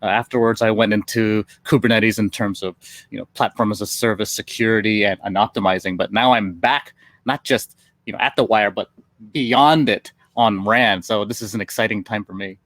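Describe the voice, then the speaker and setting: A man's voice: lowish voice, moderate pace, fairly bright tone, no echo. A man who is a tech marketing engineer, presenting on a webinar in a casual, upbeat way with some fillers.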